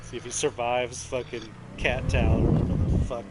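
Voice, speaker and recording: A man's voice: mid-range voice, flat delivery, normal speed, heavy background noise. A man co-hosting a game session in casual chat, trading crude jokes and cursing at the game. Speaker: gaming co-host. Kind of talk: casual chat over gameplay. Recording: game car and street sounds behind.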